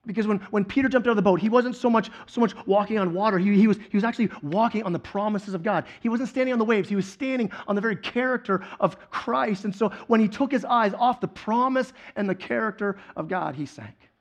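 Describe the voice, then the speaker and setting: High-voiced man preaching an animated sermon. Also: fast talker, hardly any pauses. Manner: animated storytelling, swings from loud excitement to quiet intensity. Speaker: guest preacher.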